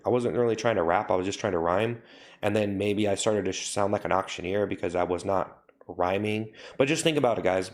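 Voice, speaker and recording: A young man chatting casually on a livestream, rambling and correcting himself, with lots of fillers. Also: fairly low pitch. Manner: rambling, self-correcting, says "like" and "you know" a lot. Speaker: livestream host. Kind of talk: casual livestream chat with viewers.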